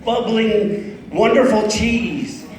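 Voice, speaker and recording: A man's voice: high voice, slow, a little mellow. A man in his fifties performing a stand-up comedy set on a club stage, chatting with the crowd and poking fun at himself. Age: 50s. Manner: chatty crowd work, self-mocking. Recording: echoey club room, voice off-mic.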